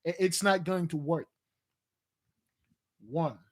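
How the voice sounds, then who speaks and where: A man delivering an animated preaching monologue, swinging between loud outbursts and low mutters. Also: takes it slowly. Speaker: spiritual teacher.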